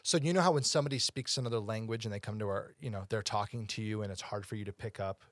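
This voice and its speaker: A man's voice: on the low side, fast, no echo, clean studio sound. A man co-hosting a casual Bible study chat. He explains at length, wanders off topic and often asks whether the listener follows. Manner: explanatory, digressive, often asks "you know what I'm saying". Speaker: podcast co-host teaching the Bible.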